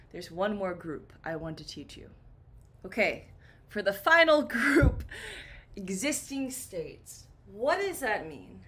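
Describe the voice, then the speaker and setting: A woman's voice: mid-range voice, fairly bright tone. A woman teaching a beginner English lesson, playful and acting out little example dialogues.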